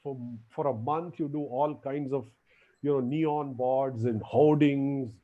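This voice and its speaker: A man giving an academic lecture as guest lecturer, animated, often repeating his words and acting out quotes. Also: mid-range voice, takes it slowly, phone-quality sound.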